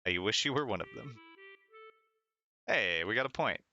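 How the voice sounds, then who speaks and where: A man's voice: lowish voice, lively intonation, normal speed, pushed and bright, highs cut off, soft background music. A man streaming a retro game, reading its text aloud with wry asides and frequent laughter. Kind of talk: casual game commentary.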